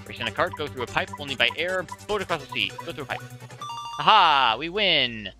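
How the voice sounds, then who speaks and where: A man's voice: fairly high pitch, animated, brisk, bright, forceful tone, soft background music, rough recording. A man giving casual let's-play commentary with dry, joking asides.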